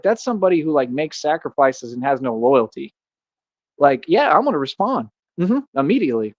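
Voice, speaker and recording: A man's voice: fairly high pitch, no echo. A man streaming an unscripted monologue to his viewers, confrontational and insistent, often tossing in "bro" and "you feel me". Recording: dull, dry lo-fi stream audio.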